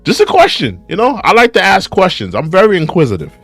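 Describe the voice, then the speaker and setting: A young man talks through a reaction video in a lively, swooping voice, riding high as he repeats his rhetorical questions. The sound is dry and close, with faint music underneath. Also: fast, slightly rough, dry recording. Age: young adult. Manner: animated, repeats rhetorical questions, reads viewer comments aloud. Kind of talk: casual live commentary.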